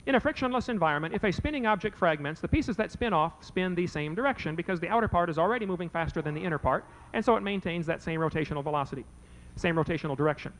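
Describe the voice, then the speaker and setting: Guy talking real fast, kinda high voice, folksy jokey story for a debate crowd. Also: lively intonation, fairly bright tone, slight background noise. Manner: folksy, joking anecdote with rhetorical questions. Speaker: creationist speaker in a debate. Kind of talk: storytelling lecture.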